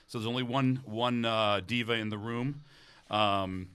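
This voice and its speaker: A male opera bass and podcast co-host, telling a funny story in casual, joking chat. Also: a little slow, clean tone. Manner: animated anecdote teller, relaxed and joking.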